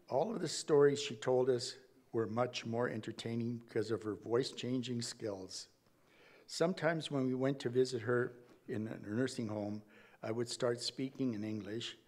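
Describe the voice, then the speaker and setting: Man, eulogy, church, read from notes, measured delivery, mid-pitched. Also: darkish tone. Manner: measured, reading aloud with small slips and restarts. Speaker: family member giving a eulogy.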